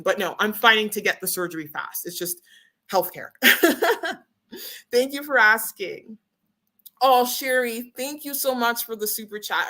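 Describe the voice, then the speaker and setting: Lady on a home livestream, upbeat and emotional, crisp bright voice, mid pitch. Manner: emotional, upbeat, talks straight to viewers. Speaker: live stream host. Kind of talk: casual live stream chat. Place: home, beside her router.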